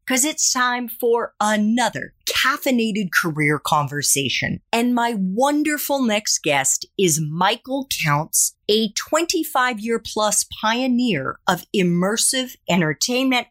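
A woman in her forties hosting a podcast, introducing and interviewing a guest with a lively, playful delivery. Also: on the high side. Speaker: podcast host.

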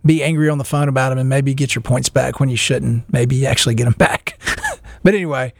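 A man in his thirties hosting a podcast, telling a long, rambling story in a casual, animated way and laughing as he goes. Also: mid-range voice, a little fast, gravelly, no echo, clean studio sound. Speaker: podcast host.

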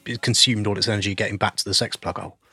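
A man's voice: fairly low pitch, fairly even intonation, rapid-fire, breathy edge, no room sound. A man, a podcast co-host chatting and joking in casual banter. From West London. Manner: jokey, teasing, loud bursts.

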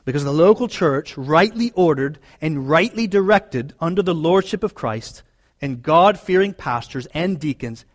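Earnest male pastor preaching. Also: on the high side. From United States. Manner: earnest, emphatic preaching with repeated phrases. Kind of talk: sermon.

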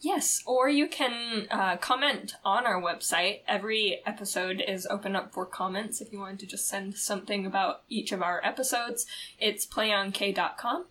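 This is a woman co-hosting a podcast, chatting casually and excitedly with plenty of fillers. A faint hiss of noise sits under her voice. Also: mid-range voice, moderate pace. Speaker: podcast co-host.

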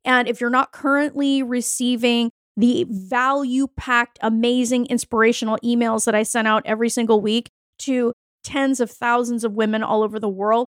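A woman's voice: on the high side, level tone, moderate pace, clean tone, dry recording, clean studio sound. A woman hosting a podcast as a fertility coach, giving a blunt, profane, hyped-up motivational pep talk. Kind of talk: motivational solo podcast monologue.

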